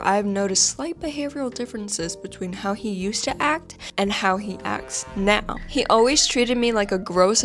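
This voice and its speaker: A congested woman with braces reading online stories aloud, chatty and full of sarcastic asides. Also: medium pitch. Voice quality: slightly altered speech from braces. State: congested, nasal. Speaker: storytime video host.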